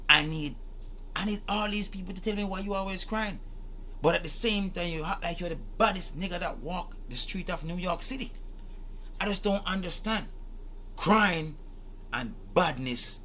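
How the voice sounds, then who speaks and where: A man's voice: on the high side, pushed and bright, a little hiss or hum. A man giving emphatic, rhetorical commentary on a video, repeating his questions and swearing as he makes his point. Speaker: reaction video host. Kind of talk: animated commentary to camera.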